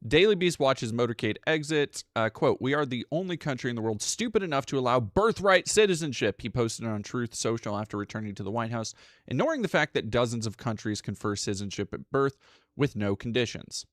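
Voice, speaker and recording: A male streamer with a mid-range voice talks close to a dry, dead mic, going back and forth between reading news aloud and cursing sarcastically at it. His asides are loose and profane, and he pauses to thank viewers. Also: medium pitch, animated, no room sound.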